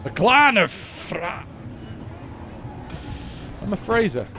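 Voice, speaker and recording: A man's voice: high voice, sing-song, takes it slowly, sharp tone, slight background noise. A man streaming a game, chatting casually in a rambling, jokey way that keeps breaking off and restarting. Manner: rambling, jokey, self-interrupting. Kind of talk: casual gameplay commentary.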